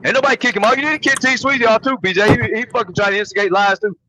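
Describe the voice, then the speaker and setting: High-pitched man ranting angrily. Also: steady tone, bright, forceful tone, slight background noise, rough recording. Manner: angry, profane, fast ranting. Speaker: podcast co-host. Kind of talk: heated podcast rant.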